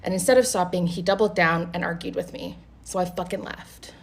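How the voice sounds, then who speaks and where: A woman telling a first-date story to camera in a casual, animated way, swearing freely and acting out both sides of the conversation. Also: fairly low pitch, a little fast, vocal fry, slight background noise.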